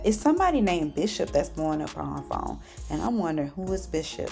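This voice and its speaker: A woman's voice: lowish voice, fairly quick, creaky, a little mellow, faint music behind. A woman reviewing a TV show in a chatty casual recap full of sassy asides.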